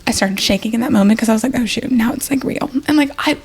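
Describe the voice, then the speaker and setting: Gravelly, husky woman telling a story. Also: fairly high pitch, fast talker. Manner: rambling, full of fillers and acted-out quotes. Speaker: podcast guest, emergency nurse. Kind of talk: casual storytelling.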